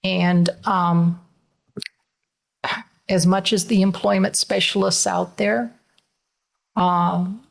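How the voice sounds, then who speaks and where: Earnest middle-aged woman with gravelly voice. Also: on the low side, flat delivery, slow pace, long pauses. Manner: earnest, emotional, laughs through tears. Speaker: podcast co-host, mother. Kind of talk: casual podcast conversation.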